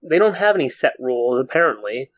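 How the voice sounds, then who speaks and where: A man's voice: medium pitch, very animated, fast. A man co-hosting a podcast, talking bluntly with casual swearing. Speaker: podcast co-host. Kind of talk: casual chat.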